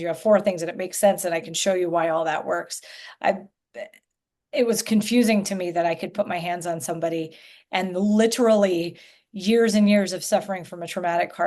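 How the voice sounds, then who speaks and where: A middle-aged woman, an energy healer guest on a podcast, telling her story in an animated way and acting out the voices of people she quotes. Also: fairly low pitch.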